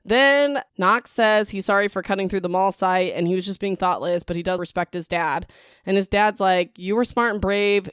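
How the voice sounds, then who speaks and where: A young woman hosting a book podcast, recapping chapters in a chatty, excitable way, full of "like" and "whatever" asides. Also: mid-range voice, clean tone, dry recording, studio quality.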